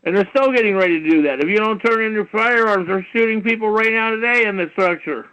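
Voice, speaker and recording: A man's voice: high voice, quick pace, bright, forceful tone. A man hosting a call-in talk show, lecturing in a heated, rambling way, peppered with "you know" and swearing. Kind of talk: rambling call-in radio monologue. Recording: dull lo-fi internet radio stream.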